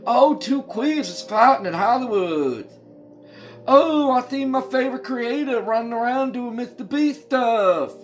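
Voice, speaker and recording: A man's voice: very high voice, animated, unhurried, soft background music, voice pushed up. A man mimicking a shallow member of the public who chases celebrity gossip, in an airy, scornful parody.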